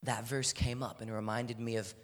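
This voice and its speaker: A young man from Houston, preaching earnestly, sometimes dropping to a hushed voice. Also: mid-range voice, moderate pace. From Houston, Texas. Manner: earnest, animated preaching with soft, hushed moments. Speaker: speaker. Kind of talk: sermon. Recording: long hall reverb.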